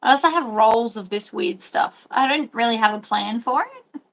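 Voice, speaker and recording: A woman's voice: fairly high pitch, moderate pace, a bit bright. A woman chatting casually and rambling while she sews. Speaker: sewing host. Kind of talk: casual chat while sewing.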